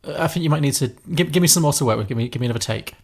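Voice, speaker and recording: A man co-hosting a podcast, mostly listening with short, deadpan acknowledgements and slipping in wry jokes. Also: on the high side, racing, breathy edge. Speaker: podcast co-host. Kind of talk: casual chat.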